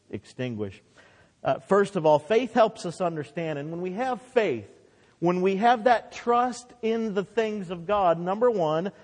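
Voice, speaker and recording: Man preaching a sermon in a reverberant hall. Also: fairly high pitch. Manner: impassioned, voice rising and dropping for emphasis.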